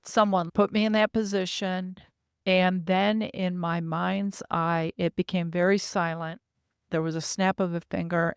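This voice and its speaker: A woman's voice: on the low side, creaky, clean tone, no room sound, clean studio sound. A woman, a podcast guest, earnestly recounting her own experiences in vivid detail.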